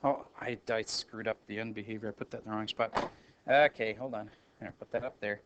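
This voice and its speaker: A man's voice: on the low side, fairly even intonation, a little fast, muffled recording, noisy background. A man teaching a math review lesson in a classroom, talking casually, correcting himself and calling on students. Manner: casual, self-correcting, calls on students by name.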